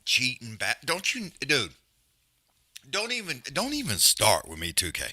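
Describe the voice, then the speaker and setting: A man hosting a live stream with a very bright, forceful voice that swings all over in pitch. He talks loud and profane, trash-talking his co-hosts and calling the fight in loose casual slang. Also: wildly swooping pitch, unhurried. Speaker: livestream host.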